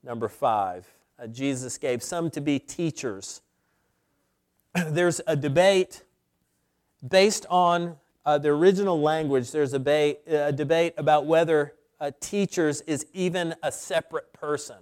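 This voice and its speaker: A man preaching a sermon as pastor, teaching deliberately and stressing key words with pauses. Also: a little high, a little mellow, clear, resonant tone.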